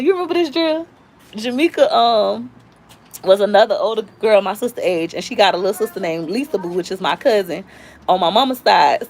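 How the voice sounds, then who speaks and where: Animated woman telling stories. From Tampa, Florida. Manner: animated storyteller, squeals high when quoting. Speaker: live-stream host. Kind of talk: casual storytelling chat.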